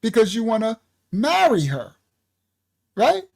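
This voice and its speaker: Male ministry leader on a casual livestream; slangy, laughing, acts out voices, very lively pitch. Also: a little slow, vocal fry. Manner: animated, laughing, heavy slang.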